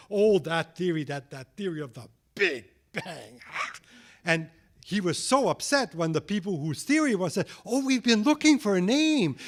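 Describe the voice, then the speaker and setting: Joking man giving a science lecture. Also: on the high side. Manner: joking, wry asides. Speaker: guest lecturer.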